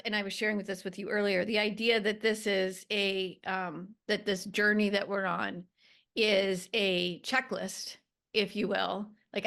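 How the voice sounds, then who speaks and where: A woman co-host coaching her partner, calm and reassuring, with plenty of fillers. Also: mid-range voice. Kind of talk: gentle coaching talk.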